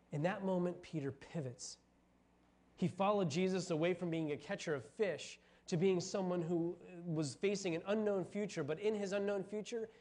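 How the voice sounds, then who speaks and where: A pastor preaching a sermon, telling a Bible story with animated storytelling and acting out the quoted voices. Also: male voice, sits high.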